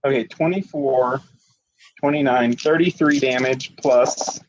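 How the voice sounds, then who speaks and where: A man's voice: medium pitch, fairly even intonation, a little slow, poor audio. A man running a tabletop game as game master, narrating the scene and tallying dice rolls aloud, joking and laughing often.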